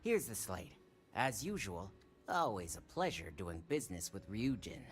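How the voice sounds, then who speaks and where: A man's voice: on the low side, very animated, normal speed. An actor playing a smug, self-assured male hacker contact in a video game. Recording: game audio with loud music behind. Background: game music.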